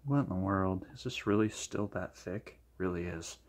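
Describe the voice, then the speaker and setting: A man's voice: low voice, moderate pace. A man hosting a paint-pouring video, chatting enthusiastically to the camera and thinking aloud as he mixes colors. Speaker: acrylic pouring channel host. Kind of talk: casual demo talk to camera.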